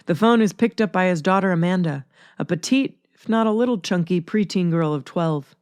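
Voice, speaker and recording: A woman narrates a story aloud in a steady, plain manner. Her voice sits on the low side and sounds close and dry, with no room echo. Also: moderate pace, smooth.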